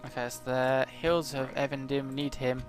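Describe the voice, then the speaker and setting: A man with a medium-pitched, everyday voice talks through his strategy game in casual let's play commentary. He thinks aloud, pausing often and filling the gaps with "uh" and "um". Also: flat delivery, soft background music. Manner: thinks aloud, hesitant, many fillers.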